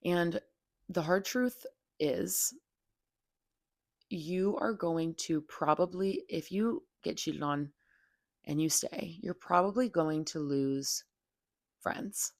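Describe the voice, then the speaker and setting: A woman's voice: deep voice, creaky, a little mellow, dry recording, studio quality. A young adult woman hosting a podcast, giving a candid opinion monologue in a blunt, frank way, full of "like" and casual swearing. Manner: blunt and frank, heavy filler "like", swears freely. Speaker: podcast host.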